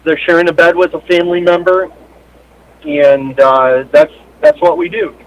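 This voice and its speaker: A man calling in by phone as a charity chapter leader, speaking in a halting, matter-of-fact way with many fillers. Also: fairly high pitch, dull audio, slight background noise. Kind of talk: casual phone interview. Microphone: phone call.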